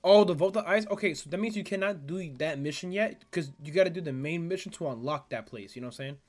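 Young male streamer, casual teasing slang, slightly high voice. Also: fast. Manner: slangy, teasing, laughs often. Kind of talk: casual gaming chat with a friend.

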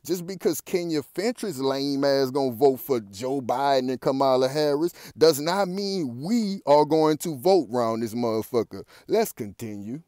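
A man's voice: mid-range voice, expressive, moderate pace, few pauses, warm tone, no room sound, studio quality. A man ranting through profane news commentary, talking straight to his viewers and punching his points with repeated curses. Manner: profane, confrontational, addresses viewers directly. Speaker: commentary vlogger.

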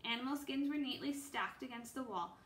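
Woman reading a kids' book, steady storyteller, bright, slightly high, roomy recording. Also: fairly quick, a little hiss or hum. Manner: steady storytelling with small slips. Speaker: reader. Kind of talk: children's book read-aloud. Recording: roomy with faint ambience.

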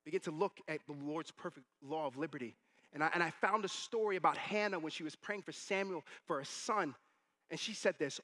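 Bright-voiced male pastor preaching. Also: a little high, a little fast. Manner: animated storytelling, acting out quotes. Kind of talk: sermon.

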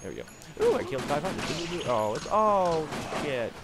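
Loud music plays under a young man's headset commentary as he rambles goofily through a video game, yelping and putting on silly voices. His fairly high voice has a sing-song lilt and a moderate pace.

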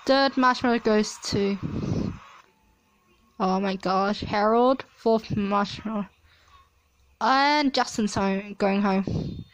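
A young woman chatting casually as she reads out results from a simulation game, with frequent excited exclamations. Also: medium pitch, slow pace, pauses often, no room sound. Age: young adult. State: coughing at times. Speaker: player reading a simulator. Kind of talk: casual play-along commentary.

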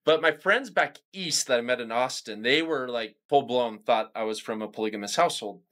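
A man's voice: medium pitch, a little fast, fairly bright tone. A young adult man from California, guest in a casual conversation, talking in a loose chatty way full of fillers. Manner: chatty, lots of "like" and "you know".

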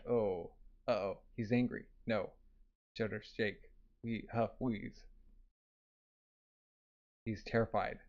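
A man's voice: medium pitch, darkish tone. Man casually reading a manga aloud. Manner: reads sound effects aloud, filler "like". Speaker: manga reader. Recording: dull lo-fi recording.

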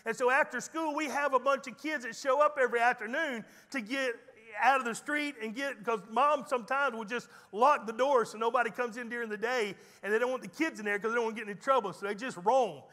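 Pastor, high bright voice, folksy joking sermon, big hall reverb. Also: male voice, a little fast, few pauses. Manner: folksy storytelling preacher with teasing humor. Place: church sanctuary.

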